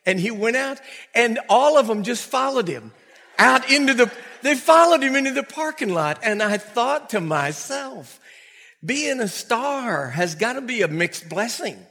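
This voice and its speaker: An older man preaching to a congregation in a church, telling a funny story in an animated way and laughing often. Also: high voice. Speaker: pastor. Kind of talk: storytelling sermon. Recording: long reverb from a large church hall.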